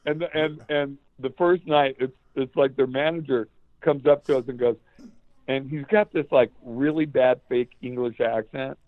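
A man telling a rambling story as a guest, excitable and swearing often, over a call line. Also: mid-range voice, normal speed, no room sound. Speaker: guest musician. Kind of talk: casual storytelling. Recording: tinny phone-like line, dry.

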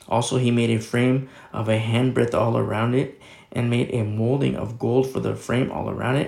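A man's voice: medium pitch, gravelly, a little mellow, reverberant. A man preaching a sermon in a casual, conversational way, reading scripture and explaining it with everyday fillers. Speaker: pastor.

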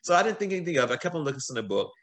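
A middle-aged man, a guest on a podcast, telling stories in a casual, animated way, swearing freely and acting out what people said. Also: a little high, very fast. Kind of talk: casual storytelling.

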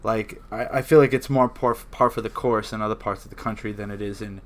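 A man working as a high school campus minister, chatting on a podcast in a halting way with many fillers. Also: fairly even intonation. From New York area. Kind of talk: casual podcast chat.

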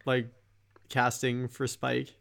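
A man co-hosting a podcast, chiming in with short, low-key reactions as his partner tells a story. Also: completely flat delivery, takes it slowly, creaky, fairly bright tone, clean tone. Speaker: podcast co-host. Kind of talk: casual chat, short reactions.

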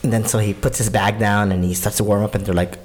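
Male podcast co-host, lower voice, loose storyteller with crude humor. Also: level tone, fast talker, a little mellow. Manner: rambling, crude jokes, many fillers. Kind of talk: casual chat, storytelling.

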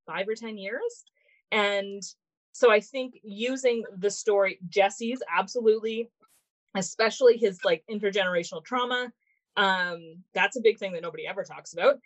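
A woman's voice: medium pitch, low-quality recording. A woman speaking as a guest in a discussion, thoughtful and full of likes and ums. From Canada. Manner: thoughtful, with many "like" and "um" fillers. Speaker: guest panelist. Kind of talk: casual discussion.

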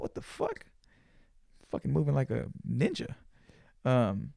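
A man hosting a solo podcast, telling a story in an animated, profane, slangy way with Spanish words mixed in. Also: mid-range voice, creaky, no echo, studio quality. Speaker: podcast host. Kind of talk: casual storytelling monologue.

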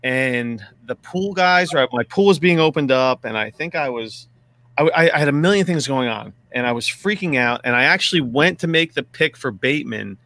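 A man rambles through a fantasy football story with a bright, forceful edge to his voice. He restarts sentences often, swears freely and laughs at himself. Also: medium pitch, animated, moderate pace. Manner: rambling, self-deprecating, lots of restarts and swearing. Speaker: podcast host. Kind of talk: casual fantasy football chat.

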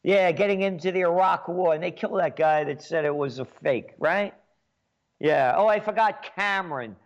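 A man ranting sarcastically as a commentator, scornful, with sudden bursts of loud speech. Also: sits high, moderate pace. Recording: dull lo-fi sound.

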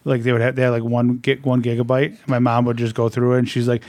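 A man's voice: mid-range voice, level tone, quick pace, darkish tone, no echo. A man chatting casually, rambling through family stories with laughs and swearing. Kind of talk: casual storytelling chat.

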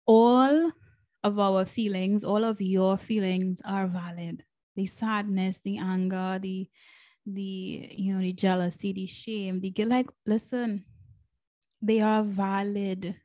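A woman's voice: medium pitch, level tone, slow pace, dark tone, no room sound. A woman hosting a podcast as a breathwork coach, telling a personal story in an earnest, emotional way and repeating phrases for emphasis.

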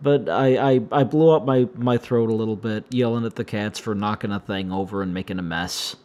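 A man hosting a solo podcast, his voice slightly hoarse and shaky, rambling and wryly complaining as he talks. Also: fairly low pitch, fairly quick, a little mellow. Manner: meandering, self-interrupting, wry complaints. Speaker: podcast host.

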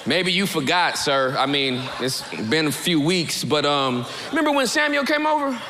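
A man's voice: fairly high pitch, big pitch swings, pushed and bright, pitched below the performer's own voice, full character voice. A man voicing an arrogant young man who sarcastically lectures his father and keeps adding "sir". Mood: indignant. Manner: indignant, sarcastic, drawn-out "sir".

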